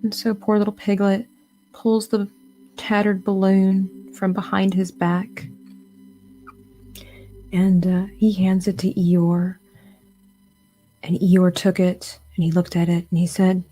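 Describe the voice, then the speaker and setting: A woman streaming while she paints, chatting casually and retelling a children's story in an animated way. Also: mid-range voice, slow pace, pauses often. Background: faint music.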